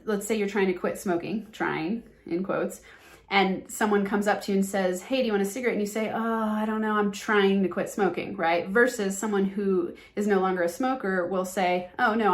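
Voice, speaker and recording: A woman hosting a motivational business podcast, talking earnestly and with emphasis, and acting out the phrases she wants listeners to drop. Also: mid-range voice. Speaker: podcast host and business coach.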